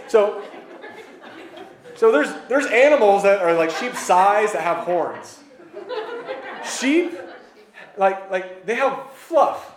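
A man with a slightly high voice preaches a loose, conversational sermon, tossing casual jokes at his congregation. The sound carries the roomy echo of a church hall. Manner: casual, joking asides with the congregation. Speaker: pastor.

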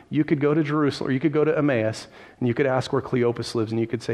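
A pastor telling a Bible story in a sermon, vivid and lively, with conversational asides. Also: male voice, mid-range voice, rapid-fire.

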